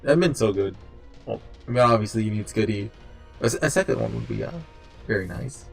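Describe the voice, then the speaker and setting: A man's voice: on the low side, fairly quick, creaky, recorded from a distance, soft background music. A man giving casual, rambling commentary on a video game, joking as he goes and reading the game's dialogue aloud. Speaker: let's play streamer.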